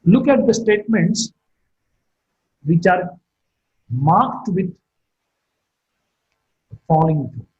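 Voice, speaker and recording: A middle-aged man giving a recorded phonetics lecture, speaking in a slow, deliberate teaching manner and carefully modeling example sentences. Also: high voice, very animated, slightly rough, dull audio. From India.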